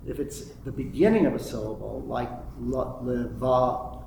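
A man's voice: medium pitch, normal speed, gravelly, crowd noise, rough recording. A man, a student in a class, explaining the reading rules back to the teacher from across the room.

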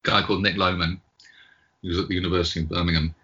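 A man's voice: low-pitched, little pitch movement, very fast, sharp tone, husky, dull audio. A middle-aged British man with a slightly American-tinged accent, talking as a guest in a casual interview and hesitating often with ums and restarts. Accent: British with some American. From Britain. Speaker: guest epidemiologist.

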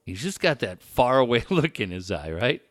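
Animated, profane man telling stories. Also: mid-range voice, normal speed, no room sound, studio quality. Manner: profane, animated, acts out quoted people. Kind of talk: casual storytelling chat.

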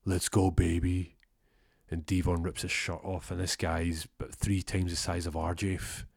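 A young man telling a comic story with lively energy, acting out the voices and sound effects. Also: sits low, normal speed, vocal fry, husky, no room sound, clean studio sound.

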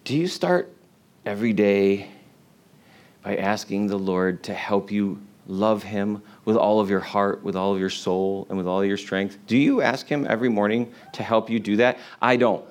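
A man's voice: lowish voice, moderate pace. A man preaching an informal sermon to a congregation in a room, earnest and conversational, often restarting his phrases. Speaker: pastor.

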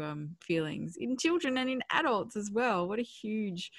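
A woman with a low, gravelly voice co-hosts a parenting podcast in relaxed conversation. She sounds eager and laughs easily as she talks. The recording is close and dry, with no room sound. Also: moderate pace, few pauses, dry recording. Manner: enthusiastic, laughs often.

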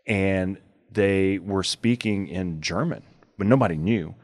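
A man's voice: sits low, takes it slowly, a little mellow, dry recording, studio quality. A man hosting a podcast in casual chat, telling stories loosely with many filler words. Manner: rambling, full of filler words. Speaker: podcast host.

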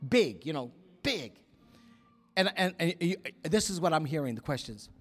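A man preaching, telling a story in an animated way, acting out quotes with gasps and whispers. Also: on the high side, normal speed, husky. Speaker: pastor. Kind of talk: sermon storytelling.

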